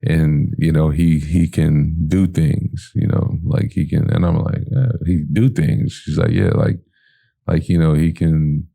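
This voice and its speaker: A man's voice: very deep voice, unhurried, vocal fry. A man from telling a personal story in a casual way, acting out the lines of the people in it and using lots of fillers. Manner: animated storyteller who acts out his own and others' lines with fillers.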